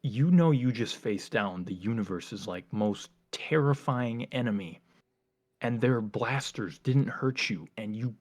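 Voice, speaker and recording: A man's voice: medium pitch, expressive, measured pace, a little mellow. A man voicing a panicky alien officer. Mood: amazed. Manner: frightened, fretful outbursts.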